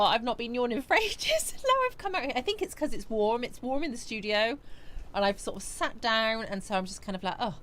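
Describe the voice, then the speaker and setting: There's slight background noise as a fairly low-voiced woman from the West Country of England runs a live chat stream from her small home studio. Sleepy and yawning, she greets viewers by name and replies to their comments.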